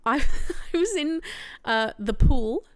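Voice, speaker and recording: A young woman co-hosting a book club podcast, telling a story in an animated, laughing way. Her voice sits a little high and sounds smooth and resonant. The recording is close and dry. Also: takes it slowly, no room sound. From Australia. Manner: animated, laughs often, acts out quotes loudly. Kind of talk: casual chat, storytelling.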